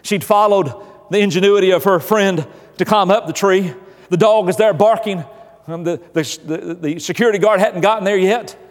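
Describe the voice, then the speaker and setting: A man preaching a sermon in a slightly high voice, building his point through repeated questions and a told story. The sound rings with a long hall reverb. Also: normal speed. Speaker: pastor.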